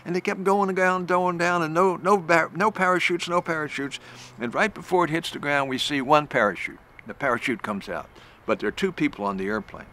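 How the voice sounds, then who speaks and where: An older man, a retired general, giving a recorded talk and telling a vivid story, restarting phrases as he goes and rising in pitch at the tense moments. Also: a little fast, bright, forceful tone.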